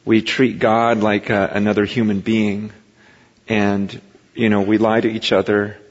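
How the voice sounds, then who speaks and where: A man's voice: fairly low pitch, little pitch movement, measured pace. Man preaching in a reverberant hall. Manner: conversational preaching, rising to impassioned emphasis. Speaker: pastor. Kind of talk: sermon. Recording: muffled recording with long hall reverb.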